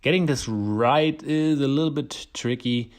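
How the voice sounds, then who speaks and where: This channel host, a home baker with a German accent, talks in an unhurried, medium-pitched voice through a casual baking tutorial. He keeps it chatty and self-deprecating, laughing frequently.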